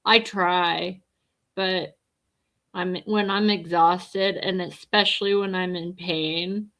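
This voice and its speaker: Middle-aged woman, bright-voiced, casual livestream host answering chat bluntly. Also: on the low side, steady tone, slow. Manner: blunt, chatty, reads and answers viewer comments. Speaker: livestreamer chatting with viewers.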